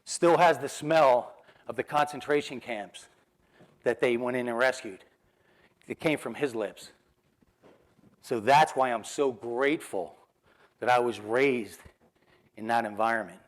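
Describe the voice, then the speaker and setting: A man's voice: medium pitch, a little slow, long pauses. A middle-aged man with a New Jersey accent telling personal stories in a keynote talk, acting out the dialogue and laughing often. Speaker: motivational speaker.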